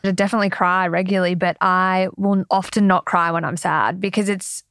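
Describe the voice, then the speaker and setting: A woman hosting an interview, asking gentle, empathetic questions and reflecting on what she hears. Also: fairly low pitch, fairly even intonation, brisk, smooth, no room sound, studio quality. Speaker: podcast host. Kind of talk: conversational interviewing.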